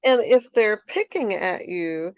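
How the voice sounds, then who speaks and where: Woman host sharing personal stories in a candid, animated way, over a dull, dry, lo-fi line. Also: medium pitch, slow pace, smooth, dry recording. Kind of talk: conversational interview.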